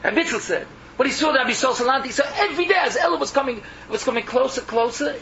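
Crowd noise surrounds a rabbi whose very high, expressive, gravelly voice moves fast through a sermon of English laced with Yiddish and Hebrew. Emotional and repetitive, he alternates cries with murmurs, and the recording is muffled and lo-fi with background noise.

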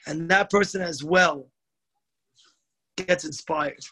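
A man telling a moral story in a sermon, animated, slowing down for emphasis and voicing the characters in his tale. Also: a little high, low-quality recording.

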